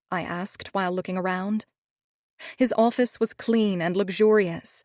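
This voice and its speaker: A woman's voice: medium pitch, fairly even intonation, a little slow, no echo. A woman narrating a first-person romance audiobook in a wry, snarky tone, on a studio microphone.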